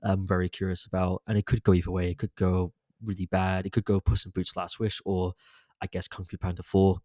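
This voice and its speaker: A man's voice: sits low, level tone, brisk, a little mellow, no room sound. A man hosting a solo podcast, chatting casually and rambling through candid film opinions with plenty of fillers and restarts. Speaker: podcast host. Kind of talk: casual solo podcast chat about films.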